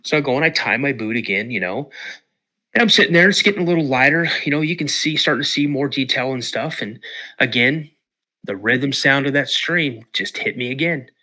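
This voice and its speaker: A man from Washington state, a podcast guest telling a story in an animated way, acting out quotes and repeating words. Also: medium pitch, brisk. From Washington state, USA.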